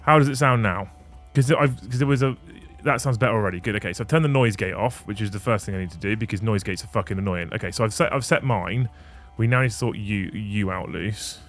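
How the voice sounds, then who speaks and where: A man's voice: fairly low pitch, quick pace, few pauses, a bit bright, soft background music. A man hosting a livestream, chatting casually and swearing freely as he fixes his audio settings. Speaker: livestream host. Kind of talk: casual stream chat. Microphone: studio mic on a desk mixer.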